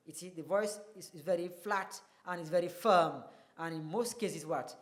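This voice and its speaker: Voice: medium pitch, a little fast, echoey room. A teacher giving a televised English lesson, explaining a point and then asking the class rhetorical questions.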